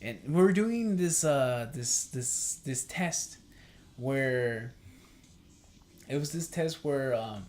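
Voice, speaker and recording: A man's voice: medium pitch, lively intonation, extremely slow, a little mellow, a little hiss or hum. A young man hosting a podcast, talking casually in a rambling way, with lots of fillers and swearing, and acting out quoted talk in a livelier voice. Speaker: podcast host. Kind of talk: casual chat.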